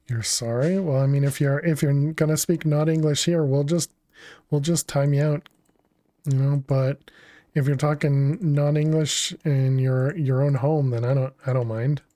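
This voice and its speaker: Slow, easygoing male game streamer. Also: a little high, no room sound. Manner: chatty, thinks aloud and answers chat messages; laughs often, relaxed and unhurried. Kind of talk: casual gaming livestream commentary.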